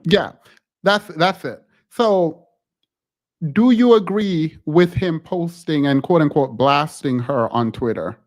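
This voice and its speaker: A man hosting a casual live call-in stream, animated and laughing, often breaking off mid-sentence. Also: fairly high pitch, slow. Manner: animated, laughing, self-interrupting.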